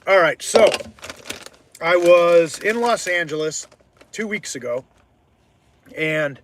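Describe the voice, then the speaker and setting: A man hosting his own show, telling a personal story in a casual, animated way and swearing freely as it heats up. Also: high voice, slow pace, a little hiss or hum. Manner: animated, swears freely, swings from quiet to heated. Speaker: podcast host.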